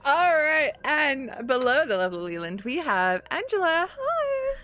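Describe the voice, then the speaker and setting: A woman's voice: high voice, big pitch swings, unhurried, a bit bright. A woman with a Yorkshire accent hosting a tabletop game stream as game master, bubbly and playful as she introduces the players.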